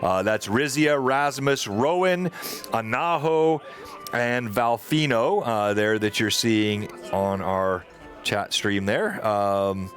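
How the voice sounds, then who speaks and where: A man's voice: on the low side, slow, a bit bright, soft background music. A man hosting a live tabletop gaming talk show, rambling casually with many fillers while reading out chat comments. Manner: rambling, reads chat aloud, frequent fillers. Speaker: podcast host and dungeon master.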